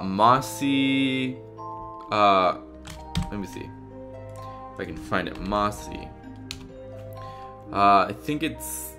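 Slow-talking bright-voiced gaming host. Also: male voice, lowish voice. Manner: loud upbeat openings, then muttering to himself while searching; thinks aloud with many fillers and self-corrections. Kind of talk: casual let's-play commentary.

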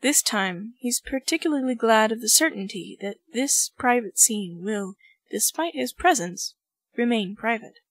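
Female fanfic narrator, measured storytelling, close dry recording. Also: fairly high pitch, expressive, no echo, low-quality recording. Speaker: podfic reader. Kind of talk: audiobook narration of fan fiction.

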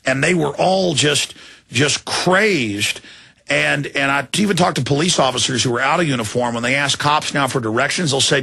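Gravelly, bright-voiced indignant male host. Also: a little high, brisk. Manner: rambling, indignant storytelling with many restarts. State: tired after a long broadcast. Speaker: talk radio host. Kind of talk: interview, telling a personal story.

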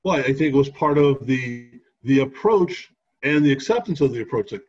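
A man with a fairly high, husky voice hosts a casual interview. His pitch moves around a lot as he talks, and he often restarts his sentences. The recording sounds dull and lo-fi. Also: animated, darkish tone. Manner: conversational, halting restarts. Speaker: interview host.

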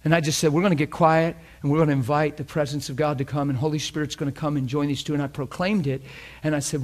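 Animated laughing male preacher. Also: fairly high pitch, quick pace, few pauses. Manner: animated, laughs often, drops to a hushed tone for reverent parts. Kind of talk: sermon with storytelling.

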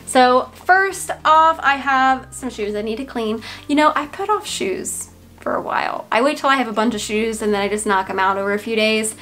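A woman's voice: on the high side, normal speed, fairly bright tone. A woman with a Southern US accent chatting casually to camera, thinking aloud with fillers as she goes through a thrift haul. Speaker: reseller showing a thrift haul.

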